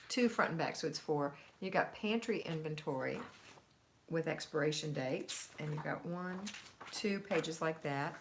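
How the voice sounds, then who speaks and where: A woman's voice: sits low, slight background noise. A middle-aged woman with a Southern US accent, hosting a casual live stream, chatty and easily sidetracked, laughing often as she reads out viewer comments. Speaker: homemaking livestream host.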